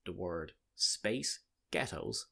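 A man co-hosting a casual podcast chat. His voice sits low with a husky edge, and he tells stories in an animated way, often breaking into laughter. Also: slow pace. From Ireland. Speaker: podcast co-host.

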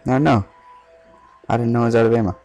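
A man's voice: mid-range voice, monotone, rapid-fire, mellow, soft background music. A man giving casual, joking gameplay commentary with trash talk. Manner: joking, trash-talking, reactive.

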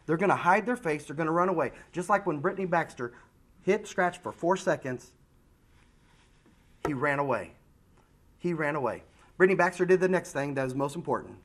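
A man in his forties with an American accent, giving a lively community safety talk to parents and acting out what kids say. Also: a little high. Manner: animated, acts out kids' lines. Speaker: school safety presenter. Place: school meeting room.

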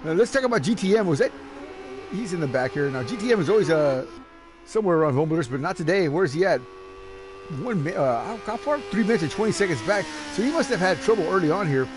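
A man giving casual, joking commentary on an online sim race, excitable and quick to laugh. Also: high-pitched. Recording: noisy background.

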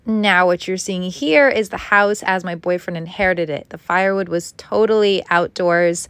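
A woman narrates a casual voice-over in a relaxed, explaining tone. Her voice sits at an ordinary mid pitch and sounds close and dry, with no room around it. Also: no room sound.

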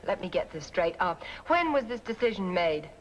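An actress in a 1940s film playing a witty young model who speaks in a wry, sharp-tongued way. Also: female voice, fairly low pitch, sing-song, normal speed, muffled recording, a little hiss or hum. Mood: suspicious. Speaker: advertising model.

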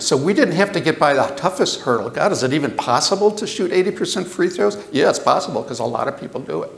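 Animated older man lecturing in echoey hall. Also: a little high, gravelly. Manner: animated, repeats words, asks the audience questions. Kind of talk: lecture to an audience.

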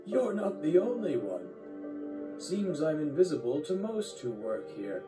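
A tired old steam engine, gentle and warm but worn out, with the voice pitched up well above the man acting him out, as a narrator puts him on. Loud music plays under the storybook reading. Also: sing-song, a little slow, recorded from a distance. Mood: warm weary. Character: weary old male tender engine, kindly.

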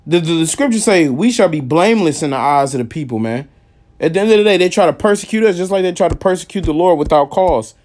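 Emphatic preacher man, slightly high voice. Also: darkish tone. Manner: emphatic, repeats "man" and "y'all", reads verses aloud. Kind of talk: street sermon with scripture reading.

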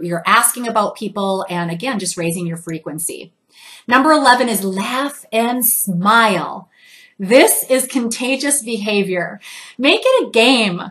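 A cheerful woman in middle age, from Minnesota, delivers a motivational talk with a slightly high voice. She is animated and playful, and acts out quick greetings and replies as she makes her points. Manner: upbeat, animated, acts out little exchanges. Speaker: motivational speaker.

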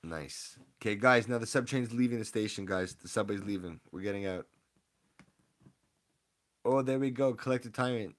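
A young man streaming live as he opens card packs, chatting casually and rambling excitedly as he gives shout-outs to viewers. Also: on the low side, moderate pace, pauses often. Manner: excitable, rambling, hypes up the audience.

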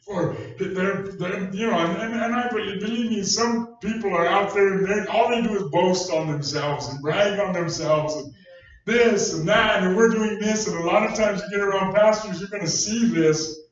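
A man with a high voice preaches a sermon, talking in a folksy, conversational storytelling way. He is recorded from a distance in a very echoey church hall. The sound is dull and muffled. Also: normal speed. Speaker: pastor.

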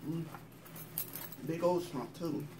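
A woman's voice: low voice, fairly even intonation, slow pace, background noise. Chatty Southern woman at a mukbang. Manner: chatty, laughing, talks while chewing. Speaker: mukbang channel host. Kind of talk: casual chat while eating.

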